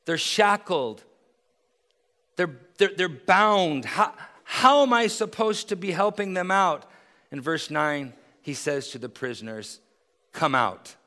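Guy giving a sermon in a church, earnest and building up, slightly high voice, big echoey hall. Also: expressive, takes it slowly, pushed and bright. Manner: earnest, rising to emphatic peaks. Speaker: pastor. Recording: long reverb of a large hall.

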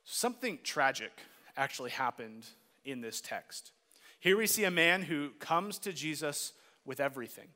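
A male pastor delivers a sermon in a fairly high, bright voice that carries through a big reverberant hall. He builds to emphatic, forceful peaks, then drops soft and low when reading scripture aloud. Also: lively intonation, normal speed.

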